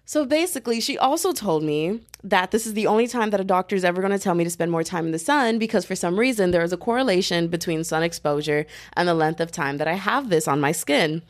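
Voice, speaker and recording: A young adult woman, a student who also podcasts, tells a story in a casual, animated and dramatic way, packed with slang and quick asides. Her voice is on the low side.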